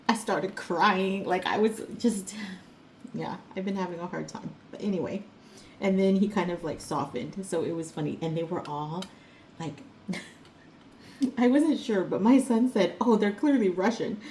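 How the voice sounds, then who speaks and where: A middle-aged woman talks her way through a crafting session at home in a loose, rambling chat. She strings her thoughts together with plenty of fillers and soft laughs. A faint hiss sits under her voice. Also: fairly low pitch, expressive, a little slow. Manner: rambling, chatty storytelling with many fillers and light laughs. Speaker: crafting vlogger. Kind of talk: casual chat while crafting.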